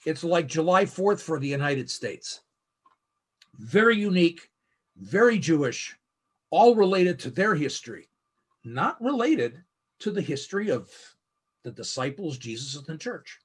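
A middle-aged man teaching a Bible lesson, speaking earnestly and slowing to stress key phrases. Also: fairly high pitch, sing-song, husky. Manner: earnest, with slow emphatic phrasing. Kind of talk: scripted teaching.

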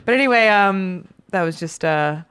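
A woman's voice: medium pitch, expressive, moderate pace, fairly bright tone, clean tone, no room sound. Chatty woman podcast co-host, dry close mic. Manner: chatty, laughs often, many fillers. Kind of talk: casual chat.

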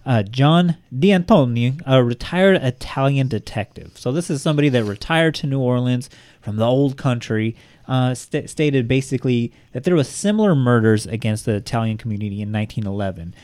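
A man's voice: medium pitch, brisk, a little mellow, no echo. A man hosting a casual true-crime podcast, rambling with lots of fillers and casual swearing. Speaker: podcast host.

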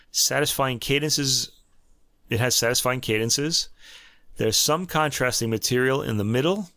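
A man hosting a casual classical music review, chatty and digressive, laughing at his own jokes and slowing down to spell out foreign terms. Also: mid-range voice, a bit bright, no echo, clean studio sound. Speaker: host reviewing a classical album.

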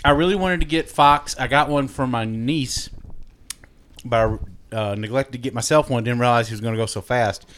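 A man's voice: medium pitch, normal speed, fairly bright tone. A man co-hosting a podcast, chatting and joking casually about collectibles. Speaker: podcast co-host. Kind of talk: casual chat.

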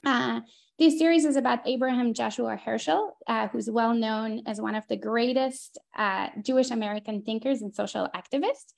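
A woman's voice: fairly high pitch, moderate pace, creaky. Woman host introducing an online class. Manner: reads the introduction with frequent fillers. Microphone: video call.

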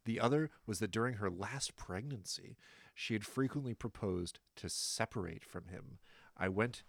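A man reading aloud the testimony of a stern male colonial judge, in his own deliberate voice with no put-on accent. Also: fairly low pitch, gravelly, dry recording, clean studio sound.

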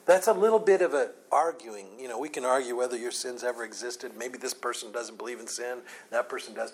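A man with a mid-range voice teaches a Bible chapter verse by verse, keeping it conversational and animated. He acts out the speakers' lines with sarcasm and laughter, and there's slight background noise.

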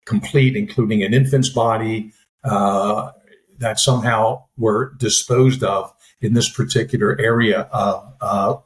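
A man co-hosting a podcast as a former FBI agent, explaining in a casual, halting way with many fillers and restarts. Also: mid-range voice, low-quality recording.

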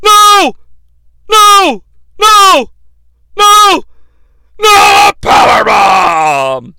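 A man's voice: very high voice, wildly swooping pitch, very slow, bright, forceful tone, dry recording, shouting, some chatter behind, voice pushed up, full character voice. A man doing an impression of a frantic male wrestling announcer, screaming in disbelief. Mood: screaming outrage. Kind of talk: exaggerated impression of a commentator.

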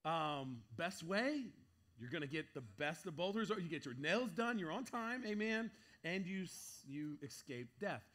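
A man preaching to a congregation, telling a story in an animated way, acting out voices and laughing between lines. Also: fairly high pitch, a little slow. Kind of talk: sermon storytelling.

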